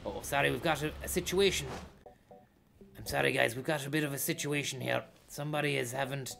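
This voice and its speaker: A man's voice: medium pitch, fast, creaky, fairly bright tone, slight background noise. An Irish man rambling jokily through a live stream, thanking donors by name.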